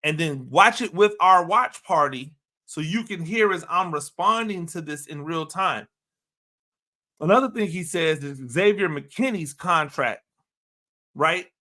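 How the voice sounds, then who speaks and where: A man's voice: a little high, lively intonation, a little slow, pushed and bright. A man giving opinionated sports commentary, talking emphatically and repeating himself with rhetorical questions.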